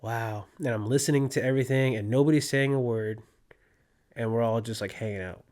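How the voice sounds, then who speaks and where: Young man telling a lively story. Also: mid-range voice, brisk. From California. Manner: animated, laughing storyteller who acts out his own quotes. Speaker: podcast guest, disc golfer. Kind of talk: casual storytelling.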